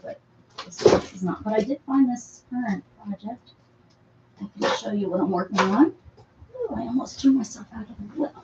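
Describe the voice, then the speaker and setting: A woman hosting a casual crafting livestream from a cluttered room at home, chatting and apologizing to viewers and cooing at her pets. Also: mid-range voice. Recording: dull lo-fi stream audio with faint noise.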